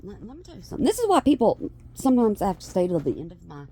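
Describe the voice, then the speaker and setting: Animated rambling woman vlogger. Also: mid-range voice, rapid-fire, husky. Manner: animated, chatty, trails off and restarts. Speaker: vlogger and mother. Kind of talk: rambling casual chat to camera.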